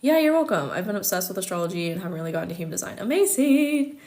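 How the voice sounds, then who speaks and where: A young American woman hosts a casual livestream chat, talking chattily with lots of fillers and frequent laughter. Her fairly low voice races along with big pitch swings and has a slightly mellow quality.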